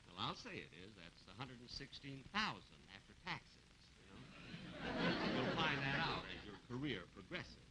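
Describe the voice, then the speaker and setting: An older man hosting a 1950s TV variety show on stage, joking in a dry, deadpan, self-mocking way. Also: medium pitch, moderate pace. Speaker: TV comedy show host. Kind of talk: 1950s TV variety comedy banter. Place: TV studio stage before a live audience. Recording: noisy 1950s TV broadcast recording.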